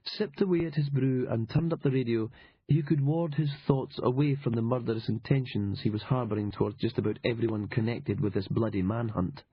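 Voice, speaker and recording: Husky, sardonic male audiobook narrator. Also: mid-range voice, steady tone, fairly quick, lo-fi sound. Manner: dry, sardonic storytelling. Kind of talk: scripted narration.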